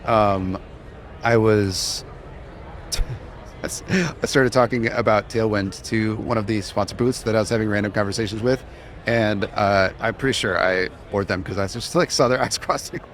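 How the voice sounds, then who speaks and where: A man with a fairly low voice co-hosts a live podcast from a conference floor. He talks casually, rambles and restarts often, and there is faint noise behind him. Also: steady tone, moderate pace. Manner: rambling, laughing, many restarts. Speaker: podcast co-host.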